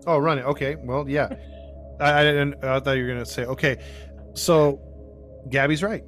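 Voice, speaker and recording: A man's voice: medium pitch, steady tone, moderate pace, a bit bright, soft background music. A man hosting a podcast, casually retelling a true crime case with lots of fillers and restarts, acting out the quotes as he goes. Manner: rambling, with many fillers and restarts; acts out quotes in his retelling. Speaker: podcast host narrating the case.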